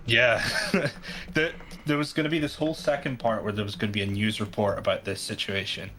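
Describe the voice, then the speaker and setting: A man co-hosting a live stream in easygoing chat. His voice is low but bright and forward in tone. He talks hesitantly and often starts his sentences over. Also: steady tone, fairly quick, a little hiss or hum. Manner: hesitant, full of restarts, laughing easily. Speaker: guest co-host.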